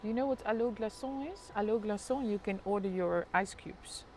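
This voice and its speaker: A woman's voice: mid-range voice, brisk, a little mellow, slight background noise. A woman with a Dutch accent chatting casually on a live stream, narrating the street below her apartment window. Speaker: live vlogger.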